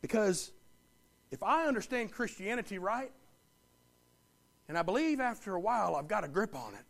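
A man's voice: high voice, very animated, normal speed, gravelly, long pauses, fairly bright tone. A man preaching a sermon as pastor, emphatic, repeating lines and putting questions to the congregation.

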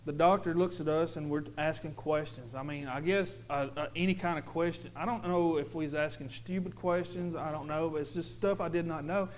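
A man's voice: a little high, fairly even intonation, fairly quick, few pauses, slight background noise, rough recording. A man giving an earnest, emphatic personal testimony to a congregation as a father, stumbling and repeating himself.

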